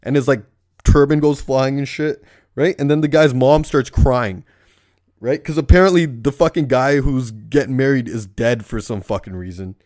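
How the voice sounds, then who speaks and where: A man's voice: mid-range voice, moderate pace, darkish tone, no room sound, clean studio sound. A young man from Surrey, British Columbia, doing a profane comedic rant as a movie reviewer. He keeps tagging his sentences with "right?".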